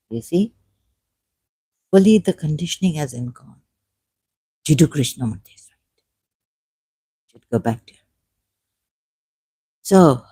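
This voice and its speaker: An impassioned man talks through an emotional solo commentary, his voice mellow and dark. He swings from loud outbursts to quiet asides. The recording is dry and close. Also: on the high side, expressive, slow pace, long pauses, no echo. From Shia Muslim background. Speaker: ex-Muslim commentator.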